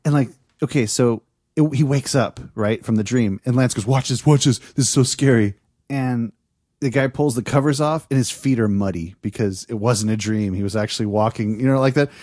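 A man's voice: medium pitch, fairly quick, a little mellow, dry recording, clean studio sound. A man co-hosting a casual podcast chat, telling a rambling childhood story and laughing at it. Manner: rambling storyteller, laughs at his own stories. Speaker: podcast co-host.

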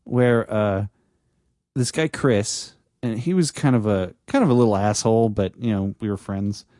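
A man's voice: lowish voice, normal speed, dark tone, no room sound, studio quality. A man co-hosting a casual podcast chat, telling a rambling childhood story and laughing at it. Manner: rambling storyteller, laughs at his own stories. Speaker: podcast co-host.

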